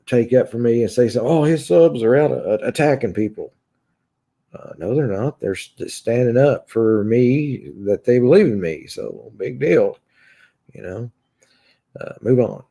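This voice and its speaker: Gravelly, halting man with a Kentucky accent. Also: mid-range voice, dark tone. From Kentucky, USA. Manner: halting, heavy with filler sounds and restarts. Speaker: livestream host reading chat. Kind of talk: casual livestream chat.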